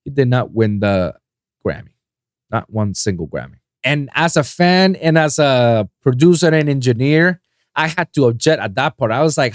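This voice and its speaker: A man from Puerto Rico rants on his own podcast, cursing freely as his voice leaps from loud disbelief down to low asides. His pitch swings widely, and the recording is dry and close with no room sound. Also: moderate pace, no echo. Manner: animated, profane, swings between loud outbursts and low mutters. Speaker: podcast host. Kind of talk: casual solo podcast rant.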